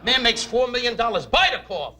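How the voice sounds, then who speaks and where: A man in his forties, a comedian guest trading insults on a talk show, brash and interrupting, bursting into loud shouted voices. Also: very high-pitched, very animated, brisk. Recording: noisy 1970s broadcast recording.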